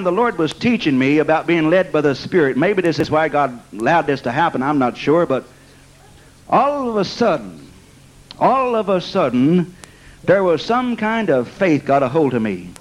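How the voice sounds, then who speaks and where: Poor audio captures a man with a high voice telling a testimony in a storytelling sermon. He is animated, laughs at his own story, and peppers it with "amen" and "bless God."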